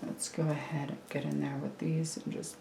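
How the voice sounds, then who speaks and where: A miniature hobby streamer chats casually and self-mockingly while building a miniature model in her home hobby room. Her low, dark voice has vocal fry and a level tone at normal speed, and the roomy sound carries soft background music and a faint computer hum.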